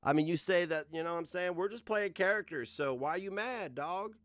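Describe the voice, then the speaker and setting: A man's voice: high-pitched, a little fast, fairly bright tone, no echo. A man livestreaming, ranting in casual, profane talk as he reacts to clips.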